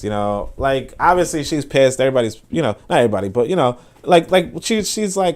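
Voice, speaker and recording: A male commentator of middling pitch talks loosely about clips he is watching. He rambles, swears freely and fills his sentences with filler words. The tone is casual and offhand throughout. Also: lively intonation, fast talker, hardly any pauses.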